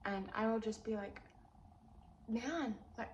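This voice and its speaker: High-voiced woman venting with a roomy echo. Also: fairly even intonation, normal speed, gravelly, darkish tone. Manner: rambling, filler-heavy, voice jumps high when venting. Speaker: vlogger. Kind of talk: emotional personal confession. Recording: echoey room with faint hiss.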